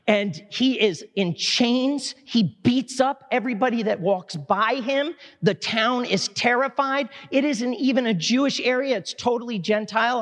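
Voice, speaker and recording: A man preaching a sermon in a church, impassioned but conversational, with quick asides to the congregation. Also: sits high. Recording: long hall reverb.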